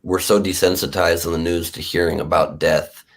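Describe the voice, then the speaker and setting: Deep-voiced male podcast host. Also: level tone, moderate pace. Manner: thoughtful, probing questions. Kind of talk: casual interview chat.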